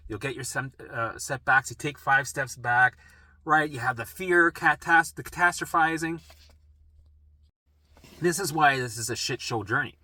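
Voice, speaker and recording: A man's voice: mid-range voice, bright, forceful tone, dry recording. A man talking straight to camera as a recovery coach, blunt and swearing, acting out panicked thoughts and often tagging sentences with "right?". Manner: keeps asking "right?". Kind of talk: direct-to-camera talk.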